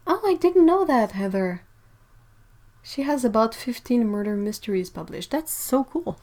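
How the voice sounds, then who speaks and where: A chatty woman from Quebec, Canada, whose first language is French, livestreams while painting as an artist. Her voice is on the high side with lively intonation at normal speed. She reads out viewer comments and drifts quieter while she works.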